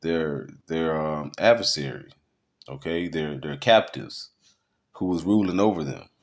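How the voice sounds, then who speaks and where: A man's voice: very deep voice, a little slow. A man teaching in a loose sermon style, rambling through web articles with many fillers. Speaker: preacher.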